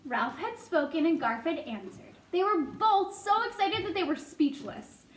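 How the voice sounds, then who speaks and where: A woman reads a children's novel aloud, expressive and breaking off for chatty asides. Her voice sits high, the room is echoey, and a faint hiss runs underneath. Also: unhurried. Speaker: storyteller.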